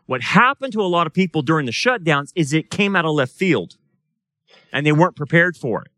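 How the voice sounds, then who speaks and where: A man's voice: on the high side, sing-song, a little fast, bright, forceful tone, dry recording. A man teaching a Bible study as a pastor, talking casually and asking the class questions. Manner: plays out voices in quoted dialogue. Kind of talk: sermon. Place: church or study room.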